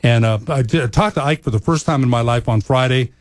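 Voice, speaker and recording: A man talks as a guest on a sports radio show, rambling and enthusiastic, with frequent pauses. His pitch is medium. The sound is dry and close, with no room in it. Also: dry recording. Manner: rambling, full of uh fillers, enthusiastic. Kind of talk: casual sports radio chat. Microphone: studio mic.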